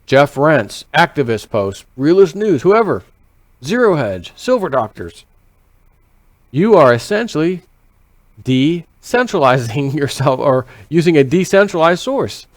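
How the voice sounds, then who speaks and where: A man's voice: on the high side, sing-song, measured pace, no echo. A man from the United States talking in a casual, rambling monologue. He repeats himself, swears casually and acts out inner voices as quoted thoughts. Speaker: vlogger.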